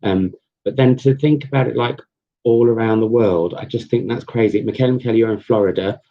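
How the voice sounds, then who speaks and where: Young male host for a casual live stream, low-pitched, rambling with ums and restarts, recorded through muffled webcam audio. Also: fairly quick, gravelly. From England. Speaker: book vlogger hosting a live chat.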